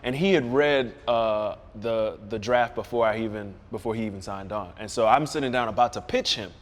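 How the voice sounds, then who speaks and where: Animated storyteller man with long reverb. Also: lowish voice. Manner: animated storyteller who acts out quoted voices; halting restarts, repeats words. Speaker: guest, series creator. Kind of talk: casual chat, telling a story.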